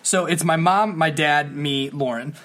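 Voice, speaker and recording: A man's voice: fairly high pitch, a little slow, fairly bright tone. A man co-hosting a casual podcast. He tells stories in a profane, heated way. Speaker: podcast co-host.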